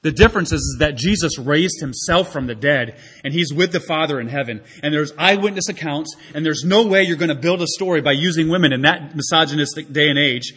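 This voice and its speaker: A man preaching a sermon, animated and acting out the voices in the story. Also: a little high, a little fast, hardly any pauses, husky. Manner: animated, acts out quoted voices. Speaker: pastor.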